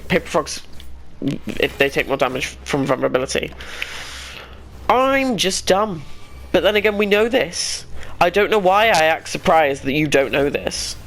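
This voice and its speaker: A man with a voice on the higher side talks through a card game as he plays it, rambling and making fun of himself. His commentary is loose and conversational. Soft game music plays faintly behind him. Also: creaky. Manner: thinks aloud, rambling and self-deprecating. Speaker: gaming YouTuber. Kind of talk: casual let's-play commentary.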